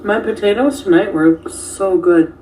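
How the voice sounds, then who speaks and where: A woman's voice: mid-range voice, measured pace, a little mellow, recorded from a distance, slight background noise, low-quality recording. A woman hosting a casual livestream, reacting to viewer comments and chatting with a co-host.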